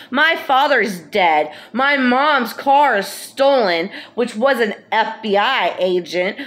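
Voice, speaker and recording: A woman with a slightly high voice rants furiously to the camera. She swears in nearly every line and hammers the same insults again and again. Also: a bit bright. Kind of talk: angry profane rant to camera.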